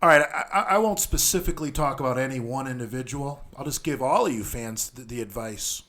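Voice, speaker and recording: A man's voice: medium pitch, fairly quick, hardly any pauses, pushed and bright. A man, a podcast guest giving blunt, profane advice in crude casual banter.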